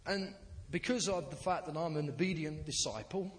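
A man's voice: a little high, moderate pace, a little hiss or hum. A man, a pastor, preaching a sermon in an anecdotal, self-deprecating storytelling manner. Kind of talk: sermon with personal stories.

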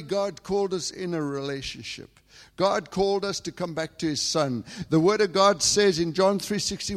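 In a large hall, a high-sitting male voice from England preaches a sermon built around a personal story. His delivery shifts between hushed quietness and loud, fervent eruptions.

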